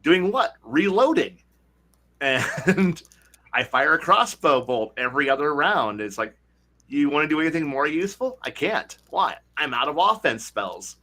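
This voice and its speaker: In a pushed, bright, mid-range voice, a man hosts a laid-back tabletop-gaming podcast. He talks with lots of energy and slips into quick impressions of players.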